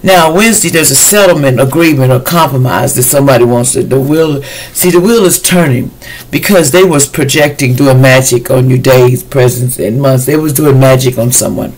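A man's voice: mid-range voice, normal speed, poor audio. A man giving a casual weekly tarot reading, chatty and slangy, talking straight to his viewers. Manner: chatty, loose and slangy, addresses viewers directly. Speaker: tarot reader.

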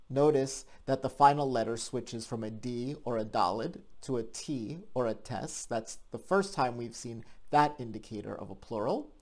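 A man in a mid-pitched voice leads a language lesson with playful, teasing asides. He explains points clearly and keeps the tone light. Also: expressive, moderate pace, a little mellow. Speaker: language teacher. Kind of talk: scripted lesson for an online show.

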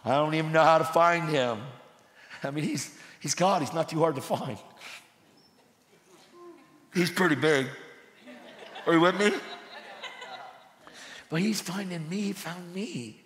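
A man's voice: fairly high pitch, a little slow, long pauses. Intense preacher man in a reverberant hall. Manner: intense, swings from shouting to hushed. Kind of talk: sermon. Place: church sanctuary. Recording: roomy hall with long reverb.

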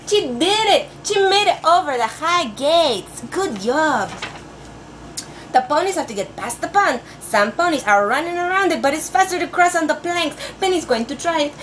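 A woman playing an overeager class teacher, reading a storybook aloud in a sing-song voice with drawn-out words and Spanish phrases mixed in. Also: extremely high pitch, animated, a bit bright, slight background noise. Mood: playful. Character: overeager female teacher persona, adult, playful. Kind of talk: comic storybook read-aloud.

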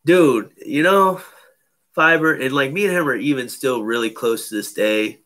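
A man's voice: mid-range voice, moderate pace, fairly bright tone. A man telling a personal story in casual chat, loose and profane, full of fillers. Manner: loose, profane, many fillers like "you know".

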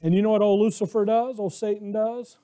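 An American man preaching a conversational, animated sermon who acts out the voices of biblical characters. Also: high voice, a little fast. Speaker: pastor.

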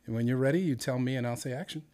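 A man's voice: mid-range voice, racing, warm tone. A man hosting an interview, talking casually and playfully with frequent fillers and restarts. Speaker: interviewer and show host.

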